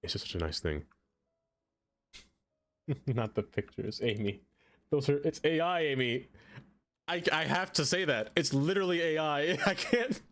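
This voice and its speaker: A man streaming a game live, chatting casually with his viewers, laughing often and jumping into high excited exclamations. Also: normal speed, pauses often. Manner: chatty, laughs often, talks straight to chat.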